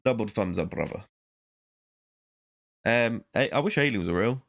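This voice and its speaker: Low, gravelly man rambling to himself. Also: lively intonation, unhurried. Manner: rambling, self-interrupting, muttering to himself. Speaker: vlogger. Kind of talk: casual rambling monologue.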